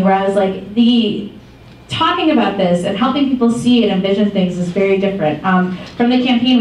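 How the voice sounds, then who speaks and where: A young woman from Michigan giving a casual, animated talk to a room, telling stories with many ums and likes. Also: mid-range voice, slight background noise. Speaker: activist speaker. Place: meeting room. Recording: echoey room from far off.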